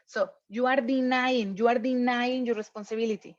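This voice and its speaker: A woman teaching English over a video call, her plain as she walks students through grammar. Her voice sits a little high, and she keeps checking in with a patient "okay?". The sound is dull and lo-fi, like a muffled online class. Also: fairly even intonation, moderate pace, few pauses. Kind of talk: online class review lesson.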